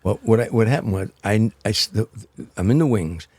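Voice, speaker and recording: An older man, a comedian guest on a podcast interview, telling anecdotes as an animated raconteur who restarts and repeats words. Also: fairly low pitch, fairly quick, breathy edge, dry recording.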